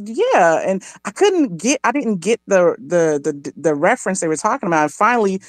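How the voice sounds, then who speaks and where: A woman chatting casually, telling stories and jumping into high quoted voices. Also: fairly quick, no room sound, studio quality. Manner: animated storyteller, jumps into high-pitched quoted voices. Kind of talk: casual chat.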